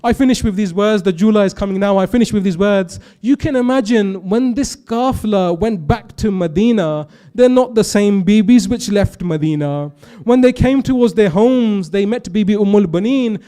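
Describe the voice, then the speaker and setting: British guy giving a sad sermon, high smooth voice, slows right down on the quotes. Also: dark tone. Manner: emotive storytelling with quoted dialogue, slow pleading stresses. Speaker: majlis speaker. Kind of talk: mournful religious sermon.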